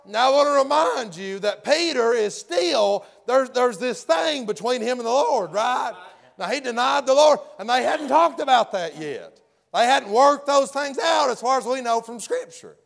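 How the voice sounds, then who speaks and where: A man's voice: very high-pitched, expressive, normal speed, vocal fry. A man preaching a folksy sermon, often hollering and acting out the story's characters.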